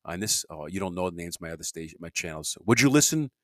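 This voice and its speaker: Low-voiced man rambling on his podcast. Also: animated, fast talker, no room sound. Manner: rambling, restarts sentences, grumbling asides. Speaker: podcast host. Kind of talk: rambling solo podcast monologue.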